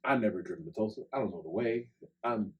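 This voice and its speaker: A very low-voiced young man talks into a podcast mic. His storytelling is loose and chatty, with a "like" or a "right?" every few words. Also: quick pace, a little mellow, dull audio. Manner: loose, conversational, many "like" and "right?" fillers. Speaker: podcast co-host. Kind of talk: casual storytelling chat. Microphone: podcast microphone.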